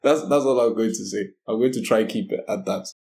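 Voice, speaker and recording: Chill guy on a podcast, lowish voice, lots of likes and pauses. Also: vocal fry. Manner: relaxed, hesitant, many fillers. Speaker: podcast guest. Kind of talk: casual chat.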